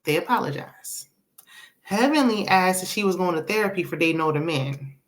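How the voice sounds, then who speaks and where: A woman's voice: on the low side, lively intonation, moderate pace. A woman hosting a casual reality TV recap, sassy and chatty, tossing in "child" and "honey" and laughing between remarks.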